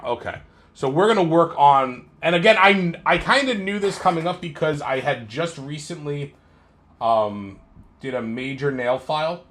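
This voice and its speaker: Guitar teacher, male, slightly high voice, chatty self-coaching on a practice stream; clear guitar under him. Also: lively intonation, fairly bright tone. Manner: counts aloud in a slow sing-song, then talks through his playing. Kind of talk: live practice commentary with counting. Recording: live stream with guitar in the mix. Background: guitar playing.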